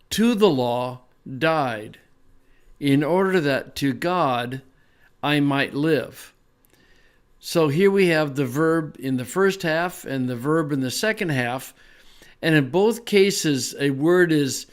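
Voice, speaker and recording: A man teaching a short lesson in a measured way, stressing words to show emphasis. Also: fairly high pitch. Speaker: Greek teacher. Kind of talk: explanatory lesson.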